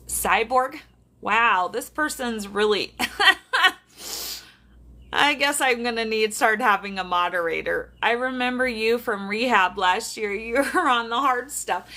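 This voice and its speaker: Her voice sits at a medium pitch with a bright, pushed quality. She's a South Dakota medium livestreaming casually from her bedroom at home, often laughing with viewers, with a phone or camera on a tripod capturing it.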